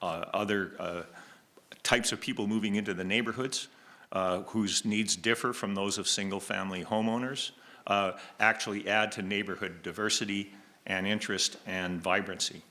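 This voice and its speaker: A low-voiced man speaks in a public debate. His tone is sharp and bright, and he talks deliberately, restarting now and then. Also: steady tone. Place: lecture hall with audience.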